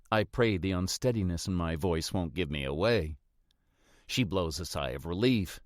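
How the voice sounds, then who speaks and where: A man's voice: sits low, normal speed, dry recording, clean studio sound. A man narrating a suspense audiobook in the first person, with a tense delivery.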